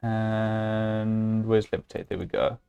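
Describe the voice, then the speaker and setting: A man talks through a game on a live stream, working out each move as he goes. His speech is loose and halting, full of "um"s and restarts. Now and then he speaks straight to his viewers or scolds the game's hero. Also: lowish voice, completely flat delivery, creaky, mellow, clear, resonant tone, highs cut off. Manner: thinking aloud, hesitant, with many fillers and restarts. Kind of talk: live gameplay commentary.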